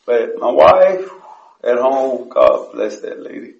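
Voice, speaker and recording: A man giving a blunt, profane personal share at a support meeting, his voice rising whenever he gets excited. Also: medium pitch, slow, vocal fry. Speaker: recovery group member sharing. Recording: echoey room, distant dull mic.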